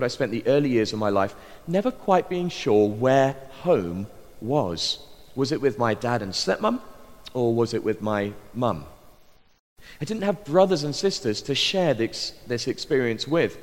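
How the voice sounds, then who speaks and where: A middle-aged English man from Bristol with a posh southern accent, a vicar giving an earnest, measured personal testimony as a sermon. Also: medium pitch, big-room sound. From Bristol, England. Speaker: vicar and pastor.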